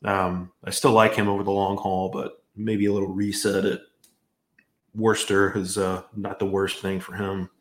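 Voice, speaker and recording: Pria dengan suara rendah, ruangan bergema. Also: male voice, low-pitched, moderate pace, reverberant, a little hiss or hum. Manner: relaxed, rambling, many restarts and fillers. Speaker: podcast co-host. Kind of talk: casual sports chat.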